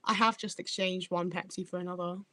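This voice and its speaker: A woman's voice: lowish voice, steady tone, brisk, sharp tone, no room sound. A young woman with a northern English accent chatting casually on a livestream, laughing often and swearing freely. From Stoke-on-Trent, England. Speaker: livestreamer reading chat. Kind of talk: casual chat.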